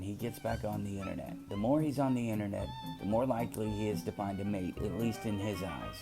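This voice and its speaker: A man's voice: lowish voice, creaky. A middle-aged man hosting a casual commentary monologue, talking emphatically and drifting into anecdotes. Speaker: commentary channel host. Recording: music playing behind.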